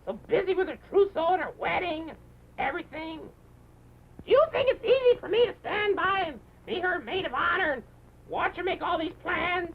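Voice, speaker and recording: A man's voice: very high voice, expressive, moderate pace. A man voicing a bored, lonely female witch puppet who sighs and sulks in dramatic, self-pitying outbursts, on a muffled 1950s television broadcast recording. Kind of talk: live television puppet show.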